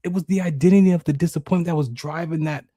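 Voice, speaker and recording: Clean studio audio with no room sound captures a fast-talking podcast co-host. He relates a personal story emotionally and in an animated way, performing the voices in his head as high-pitched shouts.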